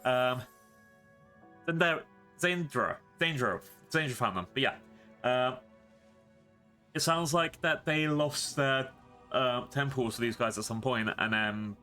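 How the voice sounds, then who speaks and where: A male game streamer chatting loosely over his gameplay, rambling and filling gaps with ums and uhs. His voice is bright and forward. Soft game music sits faintly underneath. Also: mid-range voice, takes it slowly, long pauses. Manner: rambling, filler-heavy. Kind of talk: casual gameplay commentary.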